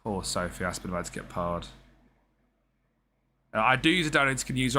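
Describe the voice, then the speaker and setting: A young man giving loose live commentary over a football management game, his voice bright and forceful. He chats with viewers, reads their messages and swears casually, with faint noise behind him. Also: medium pitch, lively intonation, fairly quick. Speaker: streamer.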